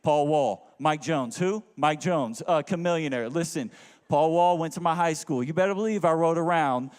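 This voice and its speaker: Young male pastor from Houston, high voice, comic storyteller, big echoing hall. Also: moderate pace, clean tone. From Houston, Texas. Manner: animated, joking, drops to low asides. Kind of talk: humorous storytelling sermon. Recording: long reverb of a large hall.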